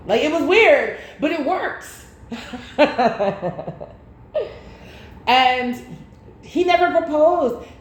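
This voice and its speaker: A woman tarot reader in casual chat, telling stories in an animated way with slang. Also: fairly high pitch. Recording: echoey room with faint noise.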